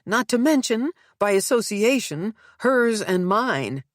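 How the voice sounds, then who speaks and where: A woman voicing a tense middle-aged mother in an audiobook, clipped and sharp. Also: on the low side, expressive, normal speed, no echo, clean studio sound, natural voice. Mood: furious.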